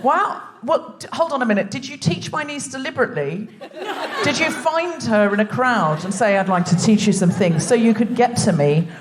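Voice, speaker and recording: An Australian woman hosting a live comedy podcast on stage, with animated, sweary, playful banter. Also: a little high, moderate pace, very noisy. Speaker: host. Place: theatre stage before a live audience.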